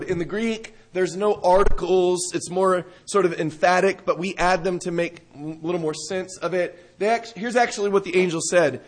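High-voiced man preaching a sermon. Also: normal speed, few pauses. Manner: reads scripture then explains it, rising to emphatic stresses; conversational, with restarts and rhetorical questions.

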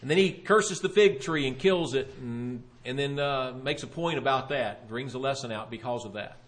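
In a sermon, a man with a medium-pitched voice and moderate pace retells a Bible story with lively storytelling, giving voice to the questioners.

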